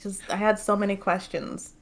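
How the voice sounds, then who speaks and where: A woman's voice: mid-range voice, flat delivery, moderate pace. A young woman hosting a casual book club chat. She talks loosely, laughs often and swears freely.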